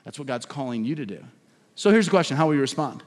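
A man preaching a sermon as pastor in a church, building up to loud emphatic lines and dropping to a hush. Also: medium pitch, expressive, fast. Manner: preaching with swelling emphasis and sudden drops to a hush. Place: church sanctuary. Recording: long hall reverb.

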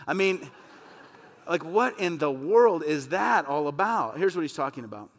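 A man preaching a sermon as pastor, impassioned and emphatic, rising to forceful peaks. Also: on the high side, big pitch swings, moderate pace. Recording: long reverb of a church hall.

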